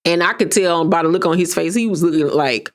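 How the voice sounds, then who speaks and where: Sassy low-voiced woman recapping gossip. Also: a little fast. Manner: sassy, gossipy, animated impressions of cast members. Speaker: reality TV recap host. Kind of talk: casual recap commentary.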